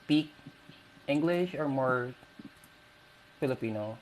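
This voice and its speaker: A woman with a notably low voice co-hosts a podcast. She asks her questions calmly and at an unhurried pace. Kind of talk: casual interview questions.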